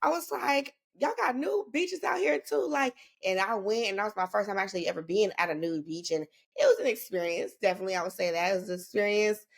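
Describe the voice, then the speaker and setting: A woman's voice: mid-range voice, fast, few pauses. A woman, a podcast guest talking in a laid-back, slangy, rambling way. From Northern California. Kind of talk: casual chat.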